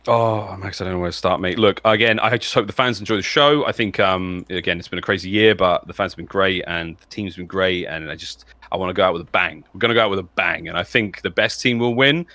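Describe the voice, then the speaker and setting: A man, an esports caster, chatting in an excitable, rambling way with lots of fillers. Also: sits low, fast talker, hardly any pauses, no room sound. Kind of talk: casual chat.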